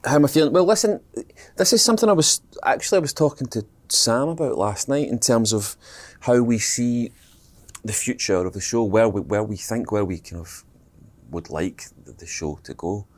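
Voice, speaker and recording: A man's voice: medium pitch, normal speed. A Scottish man, a guest actor, talking casually in a podcast interview, thoughtful and rambling, with many fillers and restarts. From Scotland.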